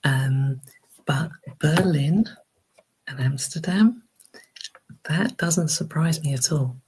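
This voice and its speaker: A woman from England, a podcast guest in casual chat, soft-spoken and breathy, with halting restarts. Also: sits low, slight background noise, poor audio.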